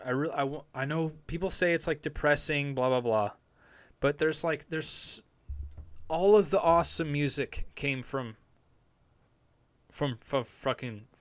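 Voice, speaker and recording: A man's voice: medium pitch, fairly bright tone, dry recording. A young man chatting casually on a live stream from his home basement, rambling and swearing often in a laid-back way.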